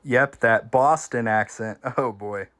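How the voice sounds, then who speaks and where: A man streams a game, giving casual commentary and chatting with viewers, with sudden bursts of excitement. His voice is medium-pitched and he takes things slowly.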